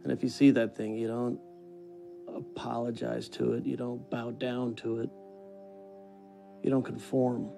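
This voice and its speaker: A man's voice: a little slow, creaky, pauses often, soft background music. A rowdy, foul-mouthed loop-trapped guy. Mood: earnest. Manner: loud and excitable, swears freely, swings from yelling to low advice. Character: rowdy, loudmouthed man stuck in a time loop. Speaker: actor in a film. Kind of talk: film dialogue.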